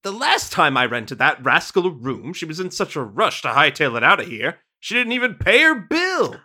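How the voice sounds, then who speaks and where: A woman voicing a gruff, suspicious Western saloon-owner pony with a folksy drawl, reading a storybook aloud. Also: low voice, big pitch swings, normal speed, bright, forceful tone, voice pushed down, exaggerated voice.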